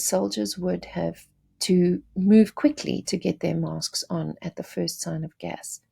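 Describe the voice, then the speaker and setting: A woman's voice: lowish voice, gravelly, warm tone. A woman teacher giving a patient poetry lesson, explaining terms with small restarts.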